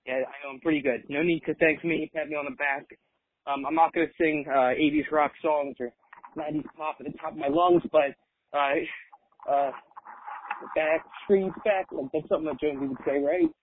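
A man's voice: a little high, fairly even intonation, a little fast, a little hiss or hum. A man leaving a jokey, self-mocking voicemail. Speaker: caller. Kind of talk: casual voicemail. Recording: tinny phone line.

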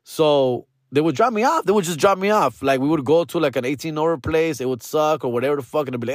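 A man spins a casual story, full of street slang and swearing. His voice sits a bit high and sounds dry and close, with no room behind it. He jumps into the voices of the people he quotes. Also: fast, few pauses, no room sound. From Los Angeles area. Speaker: comedian.

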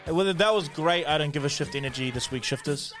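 A New Zealand man co-hosting a casual morning podcast. He sits slightly high in pitch for a man and keeps a laid-back, laughing manner, often tagging his lines with "eh". Faint music plays behind him. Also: quick pace, a bit bright. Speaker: podcast co-host. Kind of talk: casual banter.

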